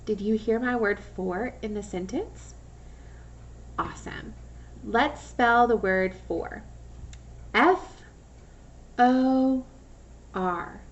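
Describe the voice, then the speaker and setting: A woman teacher giving an online reading lesson for young children, with a slow, encouraging, sing-song manner. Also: mid-range voice. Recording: muffled recording with loud hum.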